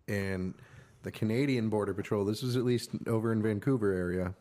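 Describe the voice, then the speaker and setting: A man's voice: lowish voice, brisk, dark tone. A man from Oklahoma on a casual podcast, telling blunt, profane travel stories and acting out the people in them. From Oklahoma, United States. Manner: blunt, profane anecdotes with quoted voices. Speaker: podcast co-host. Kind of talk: casual chat.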